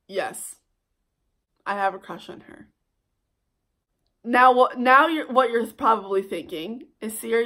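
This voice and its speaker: A young woman tells an angry storytime to her camera. Her voice is bright and fairly high, and she swears constantly as the story heats up. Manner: heated, swearing, fast bursts. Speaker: vlogger. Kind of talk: storytime vlog.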